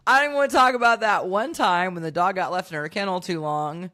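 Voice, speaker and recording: A woman's voice: lowish voice, fast talker, bright, forceful tone. A woman in her thirties co-hosting a podcast, telling rambling stories in a casual chat and laughing often. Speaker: podcast co-host.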